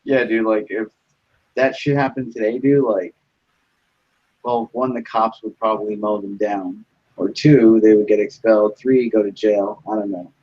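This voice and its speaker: A man's voice: on the low side, steady tone, moderate pace, mellow, highs cut off. A young man rambling through a story in casual chat, full of fillers and swearing.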